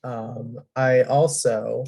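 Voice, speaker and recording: A laid-back man introducing himself as a game contestant, hesitant and filling pauses. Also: mid-range voice, flat delivery, creaky, dark tone, slightly rough. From Washington, US.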